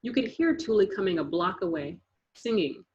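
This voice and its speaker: Husky woman reading a storybook aloud. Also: mid-range voice, moderate pace. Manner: lively, rhythmic reading. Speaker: narrator. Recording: dull lo-fi recording.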